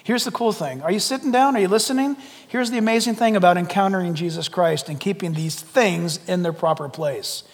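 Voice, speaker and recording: A high-pitched male pastor preaching in a church, his voice carrying a long reverb through the sanctuary. He swings from booming emphasis to soft, hushed asides and playfully acts out the voices he quotes. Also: a little fast, hardly any pauses. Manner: dramatic, swings from loud to hushed. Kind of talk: sermon.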